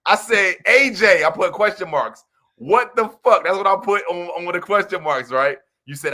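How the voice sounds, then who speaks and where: A man's voice: sits high, normal speed. A man co-hosting a casual postgame sports chat, telling stories with lots of laughter and acting out text exchanges. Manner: animated, laughing storyteller who acts out text exchanges. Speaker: sports podcast co-host.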